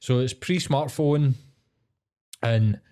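A man's voice: mid-range voice, slow, dark tone. A Glaswegian man co-hosting a podcast, telling stories in a loose, sweary way. He acts out the people he meets and keeps the chat casual. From Scotland. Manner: sweary, storytelling, acts out quoted voices. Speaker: podcast co-host.

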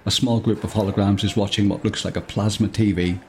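A man's voice: fairly low pitch, fairly even intonation, fairly quick, a little mellow, a little hiss or hum. A man reading a comic story aloud, breaking off often to joke and laugh. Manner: jokey, laughs often, digresses. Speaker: storyteller and podcast host.

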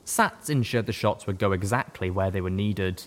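A man giving a first-person audiobook narration with steady storytelling. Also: sits low, moderate pace.

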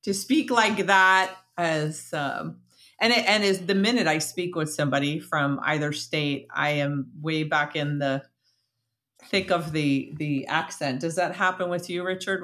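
Low-voiced bubbly woman hosting. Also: fairly even intonation, measured pace, a bit bright. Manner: bubbly, talkative, laughs easily. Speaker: podcast host. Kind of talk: casual interview chat.

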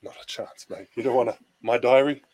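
A man's voice: medium pitch, fairly quick, noisy background. A young man with a New Zealand accent, a basketball player answering press questions in a laid-back, self-deprecating way. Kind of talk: post-game press interview.

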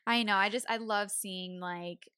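Chatty young woman with a bright voice. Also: mid-range voice, fairly even intonation, a little slow, smooth, dry recording, studio quality. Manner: chatty, says "like" often, laughs easily. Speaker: podcast co-host. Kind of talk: casual chat.

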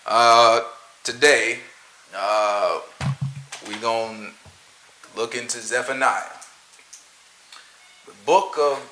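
A man putting on the voice of a solemn preacher who speaks slowly and quietly with long pauses. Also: medium pitch, fairly even intonation, reverberant, faint music behind, voice pushed down. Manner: slow, hushed, drawn-out pauses. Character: slow solemn male preacher, drawn-out.

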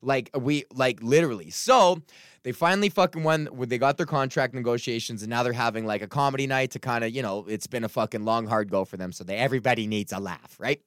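A man's voice: medium pitch, fast, a bit bright, dry recording, studio quality. Swearing, rambling man with a cough. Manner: swears a lot, rambling with many fillers and restarts. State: lingering cough. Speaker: podcast host, stand-up comic. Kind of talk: casual ranting storytelling.

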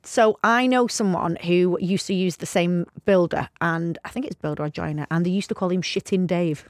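A young woman co-hosting a podcast, telling candid stories in a giggly, animated way. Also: on the low side, moderate pace, no room sound, clean studio sound. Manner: candid, giggly storytelling, animated when quoting. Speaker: podcast co-host. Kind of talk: casual chat.

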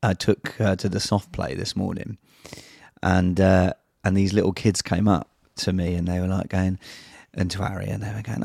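A man hosting a podcast in casual chat, an animated storyteller who swears freely and acts out voices. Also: low voice, brisk, gravelly, no room sound, clean studio sound. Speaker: podcast host.

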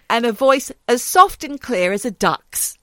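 A woman on a podcast, chatting casually and reading out facts in a wry, deadpan way, swearing now and then. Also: a little high, no echo, studio quality. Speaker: podcast co-host.

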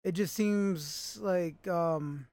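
High, smooth-voiced man rambling casually. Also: very slow, a little mellow, no room sound. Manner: laid-back, rambling, swears freely. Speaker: podcast co-host reviewing a TV episode. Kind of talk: casual chat.

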